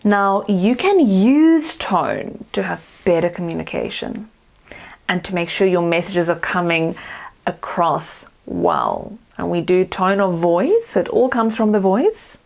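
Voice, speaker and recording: A woman's voice: fairly low pitch, unhurried, gravelly. A woman from South Africa, a confidence coach, giving a lesson straight to camera and acting out example tones. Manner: expressive, acts out example tones. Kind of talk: teaching talk to camera.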